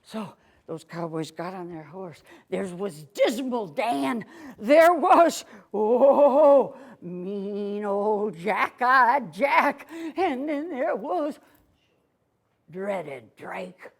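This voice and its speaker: Animated woman storyteller with cowgirl twang. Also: fairly high pitch, very slow, vocal fry. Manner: folksy cowgirl persona, call-and-response with children. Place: library story room with children.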